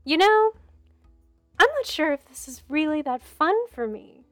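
Gal putting on a squeaky whiny voice from nowhere, bored and sulky, loud. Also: female voice, lively intonation, unhurried, no echo, soft background music. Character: mysterious unseen voice, sulky and bored.

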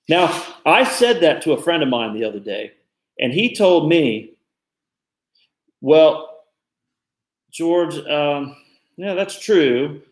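Man, mid pitch, thoughtful, halting, restarts a lot, roomy echo. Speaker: podcast co-host. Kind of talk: casual discussion.

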